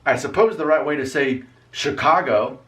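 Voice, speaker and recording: A young vlog host from Alabama chats casually, explaining things in an easygoing, rambling, teasing way. His mid-range voice is a bit bright, with lively intonation and a moderate pace, and he sounds a little off-mic.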